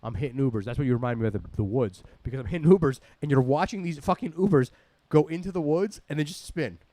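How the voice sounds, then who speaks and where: A man hosting a podcast, telling a story in rambling, animated bursts and swearing freely. He talks very fast at an average pitch. The sound is dry, with no room around it. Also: dry recording. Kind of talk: casual profane storytelling.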